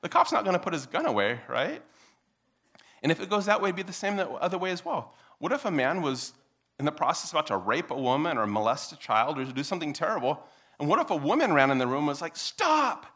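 A man speaks to a roomful of listeners in a bright, forward voice, arguing his case with lively energy. He often mimics opposing views in exaggerated high-pitched voices. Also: quick pace. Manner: animated, mocks opponents in exaggerated high voices. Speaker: speaker addressing an audience. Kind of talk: persuasive live talk. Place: room with a live audience.

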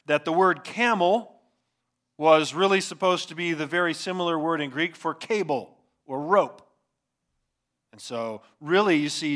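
A man's voice: a little high, moderate pace, fairly bright tone. A man preaching a sermon to a congregation, earnest and emphatic, stressing his points and asking the listeners rhetorical questions. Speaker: pastor.

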